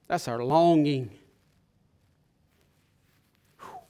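A man's voice: fairly high pitch, extremely slow. Impassioned preacher man. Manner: impassioned preaching, swelling loud then dropping to a hush. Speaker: pastor. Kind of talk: sermon.

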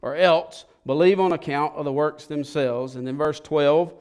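A man preaching a sermon as pastor, folksy and impassioned, swinging from hushed lines to loud ones. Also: on the high side, normal speed, clean tone.

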